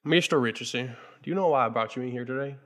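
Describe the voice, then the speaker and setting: A man's voice: mid-range voice, fast, close to an everyday voice. A man playing an exasperated, foul-mouthed school principal in a comedy sketch read among friends. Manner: exasperated, swearing, deadpan.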